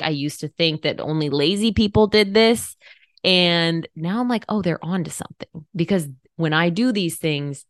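A woman in her thirties hosts a casual motivational podcast in a slightly low voice. She talks in a chatty, candid way and slips into playful inner voices. The sound is dry and close. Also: fairly bright tone, no room sound. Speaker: podcast host.

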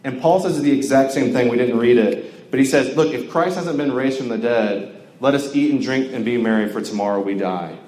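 Casual young preacher in echoey hall. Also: male voice, medium pitch, fairly quick, darkish tone. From Georgia, US. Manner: conversational, joking, lots of filler words. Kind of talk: casual sermon to a campus crowd. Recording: echoey hall with faint ambience.

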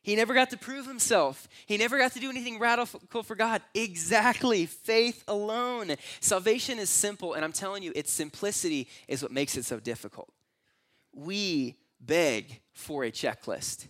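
A man with a high, bright voice delivers a sermon. He tells a long story in second person, moving between hushed, low passages and loud, exclaiming ones. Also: moderate pace. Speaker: pastor.

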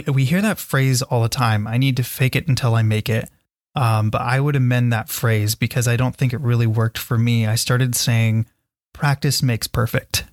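A man's voice: medium pitch, no echo, clean studio sound. Earnest, encouraging man hosting a podcast. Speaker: podcast host. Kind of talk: solo self-help podcast talk.

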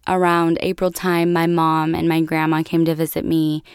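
A woman's voice: low-pitched, level tone, normal speed, smooth, dry recording, studio quality. A young woman from the United States telling a personal story to her viewers in a chatty, casual way, full of "like". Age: young adult. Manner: chatty, lots of "like" and laughs. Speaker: vlogger.

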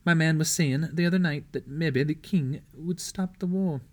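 A cheerful young mother with a new baby, as a man puts her on, her lines raised higher than the narration. Bright-spirited in a storybook reading. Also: normal speed, natural voice.

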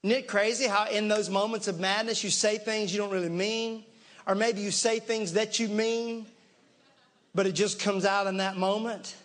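Male pastor, very high voice, lively sermon delivery with playful acted-out shouts. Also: moderate pace. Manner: animated, acts out panicked voices and shouts; talks to the congregation directly, laughs along.

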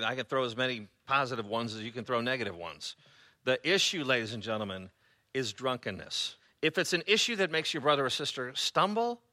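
Bright-voiced sarcastic pastor preaching. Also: male voice, medium pitch. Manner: conversational and sarcastic, with many fillers. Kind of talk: sermon.

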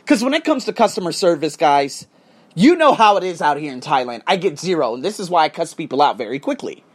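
A man vents in a loose, profanity-laced monologue, his pitch swinging widely as he works himself up. He talks like a self-made course instructor and coach telling his audience exactly what annoyed him. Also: fast. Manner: profane, heated, animated ranting. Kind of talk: casual ranting monologue. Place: Thailand.

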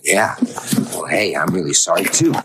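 An actor playing a fed-up male customer in a diner, who talks flatly and sarcastically. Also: low-pitched, normal speed, a little hiss or hum, heavily acted. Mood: stubborn. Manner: flat, stubborn, sarcastic.

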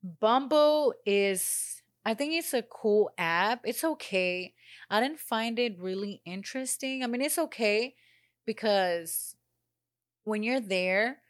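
A woman's voice: mid-range voice, animated, slow pace, dry recording, studio quality. A woman telling a personal story in a casual, blunt monologue, often swearing and acting out quoted dialogue.

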